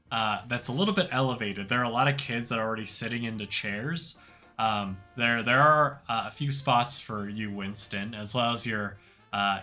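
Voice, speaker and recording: A man's voice: medium pitch, bright, forceful tone. A man narrating as game master in an improvised tabletop game, talking loosely with lots of fillers.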